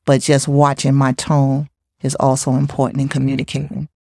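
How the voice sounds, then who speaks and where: A woman co-hosting a relationship talk show, chatting casually about communication, laughing often and acting out lively quotes. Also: very deep voice, normal speed, creaky, no echo, studio quality. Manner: lively, laughs often, animated quoting of others. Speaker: podcast co-host.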